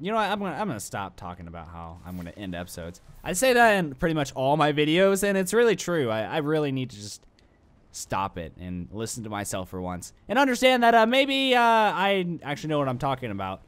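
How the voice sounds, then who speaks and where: A man's voice: mid-range voice, wildly swooping pitch, quick pace. A young adult man giving let's play commentary, rambling and self-mocking and talking back to the game. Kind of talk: gaming commentary.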